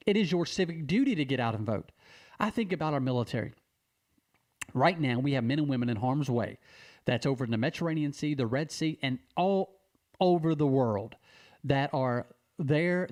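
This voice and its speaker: A man from Mississippi, speaking an earnest direct-to-camera appeal, repeating key phrases with slow emphasis. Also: mid-range voice, darkish tone. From Mississippi, USA. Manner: repetitive, emphatic, with slow stressed phrases and restarts. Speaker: civic advocate addressing viewers.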